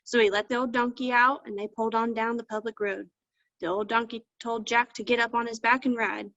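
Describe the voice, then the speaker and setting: A woman's voice: fairly high pitch, level tone, brisk, fairly bright tone, no room sound. Woman telling a folktale in folksy phrasing. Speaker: storyteller. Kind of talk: folktale storytelling. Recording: dull lo-fi dry sound.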